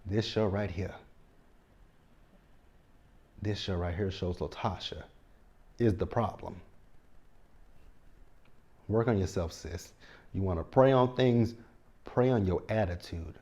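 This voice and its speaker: A man's voice: deep voice, moderate pace, long pauses, darkish tone, muffled recording. A man in his thirties giving a blunt, sassy, casual recap of a reality TV episode, with lots of slang. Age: 30s.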